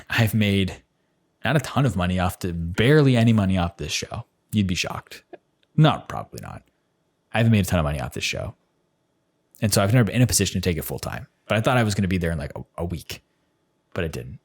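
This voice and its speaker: A man's voice: sits low, big pitch swings, brisk, pauses often. Rambling young man hosting a podcast. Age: 20s. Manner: casual, rambling, lots of "like". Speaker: podcast host. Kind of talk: solo podcast monologue.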